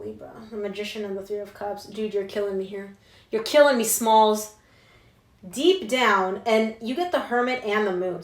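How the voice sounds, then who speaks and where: A young adult woman giving a casual tarot reading, talking emphatically and slangily straight to her viewers. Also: medium pitch. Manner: chatty and emphatic, slangy asides. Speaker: tarot reader. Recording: roomy echo.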